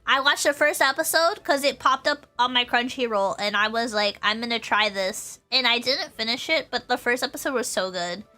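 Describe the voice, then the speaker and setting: A woman's voice: fairly high pitch, normal speed, hardly any pauses, sharp tone. A young woman streamer in casual chat with her viewers, bubbly and rambling, laughing often and repeating herself.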